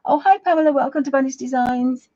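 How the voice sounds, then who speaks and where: In a casual live painting lesson, a woman who tutors art and hosts the livestream chats with viewers, tossing in friendly asides and restarting often. Her high-pitched voice is warm and fast. The sound is lo-fi.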